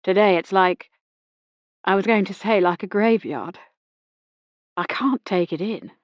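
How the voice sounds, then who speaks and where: A man's voice: high voice, measured pace, dry recording, highs cut off. A woman doing a polished young car salesman. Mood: shaken, courteous. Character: smooth young male car salesman, grieving son.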